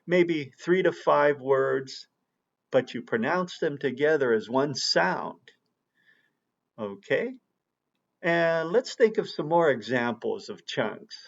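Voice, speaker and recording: Slow, emphatic male English teacher. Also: a little high, lively intonation, gravelly, dull audio. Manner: slow and deliberate, with emphatic stress on key words. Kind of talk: online language lesson.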